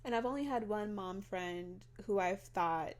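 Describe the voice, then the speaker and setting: A woman's voice: mid-range voice, measured pace. A woman hosting a podcast, chatting casually and candidly with a friend and acting out quoted voices in a playful way. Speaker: podcast host. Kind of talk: casual chat.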